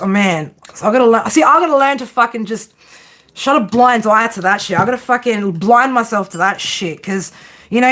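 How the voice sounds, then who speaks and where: A woman with an Australian accent gives a live tarot reading in loose, casual chat. Her voice sits at an ordinary middle pitch, and her delivery is blunt and sarcastic, with frequent swearing. She keeps tagging her lines with a quick "right?". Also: a bit bright. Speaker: tarot reader.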